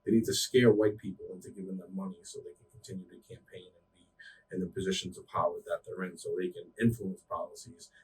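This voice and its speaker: A man's voice: sits low, little pitch movement, fast, recorded from a distance, a little hiss or hum, poor audio. A man co-hosting a podcast, chatting casually and rambling through stories with frequent restarts and swearing. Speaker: podcast co-host.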